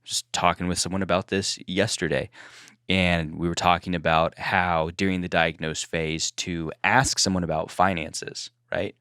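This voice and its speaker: A low-voiced man co-hosts a sales podcast in relaxed conversation. He adds wry jokes and practical examples. The recording is dry and close. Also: moderate pace, clear, resonant tone, dry recording. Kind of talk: casual podcast chat.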